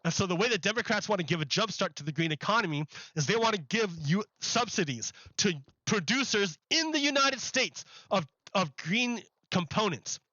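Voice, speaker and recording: A man's voice: high voice, animated, normal speed, few pauses, pushed and bright, no echo, highs cut off. A man giving rambling live-streamed political commentary, often repeating his words and mocking the other side in put-on quotes.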